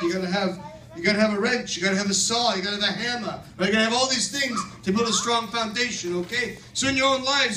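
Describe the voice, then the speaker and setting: A man playing a brash male construction foreman who teaches kids in a children's church skit, with a loud, bossy, tough-guy patter. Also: high-pitched, slight background noise. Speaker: kids' camp skit performer. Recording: echoey hall, far from mic, audience.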